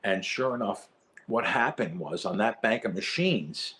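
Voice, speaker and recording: Animated middle-aged man telling a story. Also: lowish voice, unhurried. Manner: animated storyteller, repeats words when excited. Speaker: guest, sports bettor. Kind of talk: storytelling in a podcast interview.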